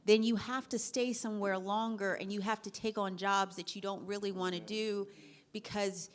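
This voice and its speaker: A middle-aged woman speaks as a panelist at an average pitch. Her advice comes out animated and conversational, full of laughing asides. She acts out remembered dialogue as she goes. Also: moderate pace.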